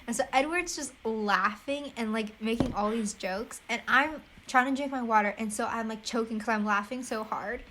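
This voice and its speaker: A woman's voice: on the high side, normal speed, few pauses, background noise. A teenage girl co-hosting a podcast, telling stories in a casual, rambling way full of "like" and laughter. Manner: chatty storyteller, heavy use of "like", often laughs. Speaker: podcast co-host. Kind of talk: casual chat.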